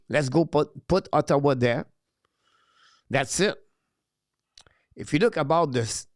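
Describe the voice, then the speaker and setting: Hosting a live hockey watch-along, this French-accented native French speaker reads viewer questions aloud and responds haltingly amid frequent fillers. His voice sits in the mid range. It's a dry recording with clean studio sound.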